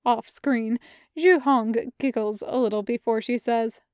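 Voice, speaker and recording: A woman reading a fan fiction audiobook in a light, brisk narrating voice. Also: a little high, steady tone, smooth, no echo, studio quality. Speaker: podfic reader.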